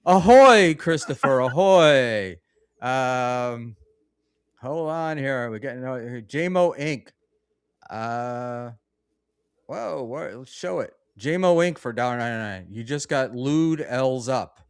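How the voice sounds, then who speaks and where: A man's voice: mid-range voice, slow, clear, resonant tone, dry recording, clean studio sound. A man hosting a live-streamed talk show, chatting casually, reading out donations and calling himself a control freak. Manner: bossy, reads out donations. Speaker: podcast host.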